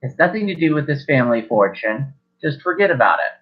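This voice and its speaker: A man's voice: mid-range voice, big pitch swings, fast, close to an everyday voice. A man doing a curt, secretive old father. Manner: curt, dismissive. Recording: dull lo-fi recording.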